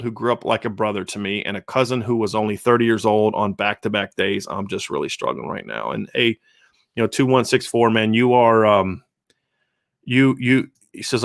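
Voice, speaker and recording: In a dry, studio-quality recording, a male show host reads out comments from his live stream viewers and answers them. His voice sits in the mid range with a slightly bright edge, and his delivery is conversational and earnest, full of restarts.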